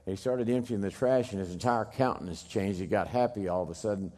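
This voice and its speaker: At a quick pace, a middle-aged man gives a dramatic, emphatic speech telling a personal story. He swings from loud bursts to hushed, low lines.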